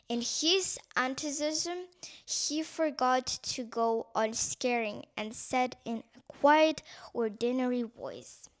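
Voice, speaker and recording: A woman narrating a bedtime story in a soft, soothing way. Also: sits high. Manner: soft, slow, soothing reading.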